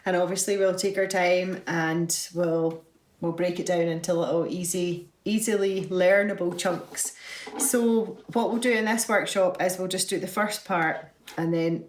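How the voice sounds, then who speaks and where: A woman's voice: lowish voice, distant mic. A young woman teaching a beginner fiddle workshop. She is patient and encouraging, and she counts the notes aloud. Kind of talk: online music workshop. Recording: echoey room, away from the mic, fiddle playing.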